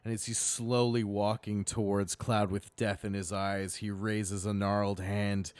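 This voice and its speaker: A man narrating as dungeon master in a live tabletop game, painting scenes vividly and breaking off for quick rules asides. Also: on the low side, level tone, darkish tone, clear, resonant tone, dry recording.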